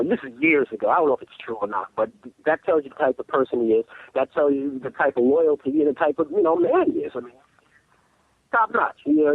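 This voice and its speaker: A man's voice: fairly high pitch, vocal fry, dry recording. A middle-aged man telling stories as a guest in a casual interview. He talks animatedly and repeats words as he starts sentences. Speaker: radio show regular as a guest. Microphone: telephone. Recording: tinny phone line, dry.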